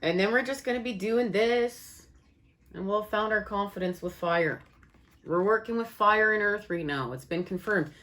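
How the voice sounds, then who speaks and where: A woman's voice: medium pitch, a bit bright. A woman giving an enthusiastic channeled astrology and tarot reading, talking straight to her viewers as "guys" and repeating her phrases. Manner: repetitive, rephrases lines in quick succession. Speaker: tarot reader.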